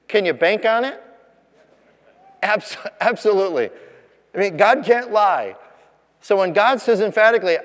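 A man's voice: high-pitched, lively intonation, fairly quick, in a large hall. A man preaching a sermon as pastor, conversational and emphatic, asking the congregation rhetorical questions.

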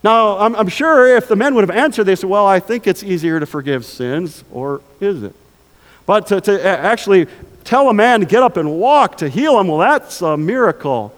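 Male pastor, high voice, animated sermon delivery, hall reverb. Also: moderate pace. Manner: animated, conversational, rhetorical questions.

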